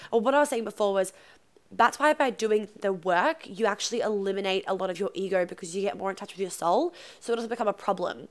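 A woman's voice: medium pitch, a bit bright. Candid, swearing young woman podcaster. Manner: candid, swears freely, quick asides. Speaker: podcast host and coach. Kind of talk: casual solo podcast chat.

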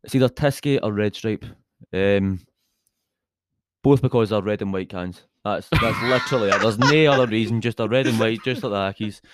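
A man's voice: on the low side, normal speed, heavy background noise. Easygoing young Scottish man cracking jokes. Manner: joking, easygoing, leads the segments. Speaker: podcast co-host. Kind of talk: casual chat.

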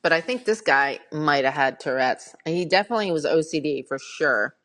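A middle-aged woman with a fairly low voice chats candidly on a podcast. She tells her dating stories at an easy, conversational clip, padding them with ums and you-knows. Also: animated, moderate pace, a bit bright. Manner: candid storytelling with frequent fillers. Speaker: podcast co-host. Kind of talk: casual chat.

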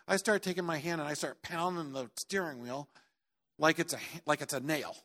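A middle-aged male pastor preaching, telling a story with loud outbursts and quiet earnest stretches, and joking now and then. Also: fairly high pitch, fairly quick. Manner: jokey asides. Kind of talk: sermon.

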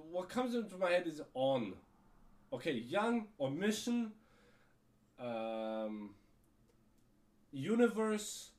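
A man's voice: medium pitch, darkish tone. A man with a cold telling a rambling story on his podcast, full of fillers, restarts and casual swearing. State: has a cold. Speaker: podcast host.

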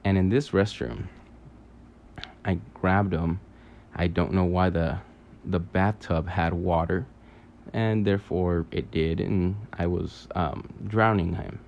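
A man telling a long dream story in a halting, rambling way, full of fillers, restarts and casual swearing. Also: deep voice, steady tone, vocal fry, dull audio, slight background noise. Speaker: podcaster recounting a dream.

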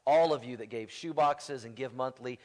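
A man preaching a sermon in a church, telling stories in a relaxed, conversational way with playful humor. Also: medium pitch, normal speed. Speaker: pastor. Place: church sanctuary.

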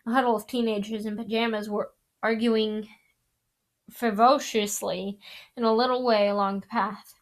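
Young woman, amateur audiobook reader, casual, apologetic, higher pitch. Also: flat delivery, normal speed. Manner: casual, apologetic, frequent restarts.

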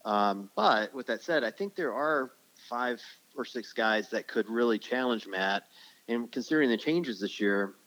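A man's voice: medium pitch, lively intonation, a little slow, fairly bright tone, low-quality recording. A middle-aged man answering questions as a guest in a casual podcast chat, laughing often and rambling through his answers.

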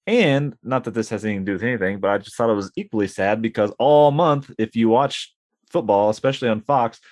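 A man's voice: on the low side, fast, a little mellow, dry recording. A man co-hosting a casual podcast, adding dry, joking asides. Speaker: podcast co-host.

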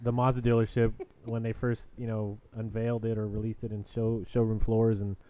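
A man's voice: lowish voice, flat delivery, brisk, warm tone, smooth. A man hosting a podcast in casual chat, upbeat and jokey, often cutting himself off mid-sentence. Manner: upbeat, jokey, self-interrupting. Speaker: podcast host.

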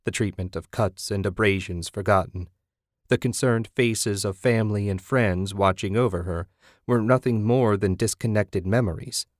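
Man, audiobook narrator, lowish voice, steady measured reading, dry close mic. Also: no echo. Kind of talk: scripted narration. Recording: dry close studio recording.

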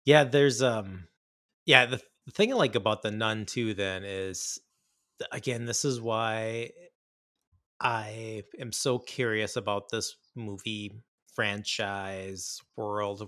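A man's voice: fairly low pitch, bright, forceful tone, dry recording, studio quality. A man co-hosting a casual chat about horror films, enthusiastic and rambling, with many fillers and restarts. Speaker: podcast co-host.

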